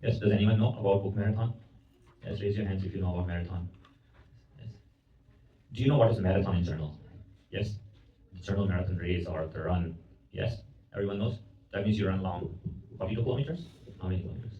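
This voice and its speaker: A man's voice: low voice, fast, long pauses. A man giving a devotional lecture at a temple, telling a story and asking his audience questions, often repeating words as he goes. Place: temple hall. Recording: roomy, distant, dull recording.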